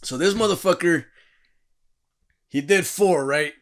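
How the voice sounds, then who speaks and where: A man's voice: high-pitched, a little slow, a bit bright. A man in his thirties, a podcast host, telling profane, rowdy stories in casual chat and acting out the quotes.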